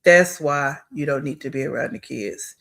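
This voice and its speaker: A man's voice: on the high side, moderate pace, gravelly, a bit bright. A man hosting a reaction video, giving blunt, scornful commentary on a clip he is watching.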